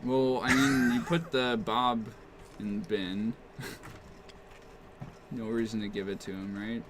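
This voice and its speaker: A man talks through a card game match, weighing each play out loud with frequent "like" and "I mean." His voice sits at a middling pitch, with faint background ambience from a game store. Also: level tone, takes it slowly, slight background noise. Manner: analytical, thinks aloud, many fillers. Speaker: game commentator. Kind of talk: casual live commentary.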